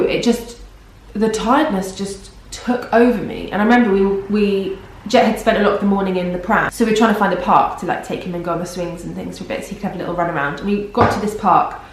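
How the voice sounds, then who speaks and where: A woman's voice: medium pitch, slight background noise. A young pregnant woman vlogging casually, rambling and self-deprecating, tired. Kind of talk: casual vlog chat. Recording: very echoey room.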